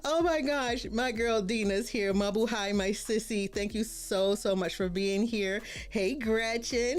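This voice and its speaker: A woman's voice: mid-range voice, a little slow. A woman hosting a casual live stream as a branding coach, bubbly and exclaiming often as she greets viewers by name.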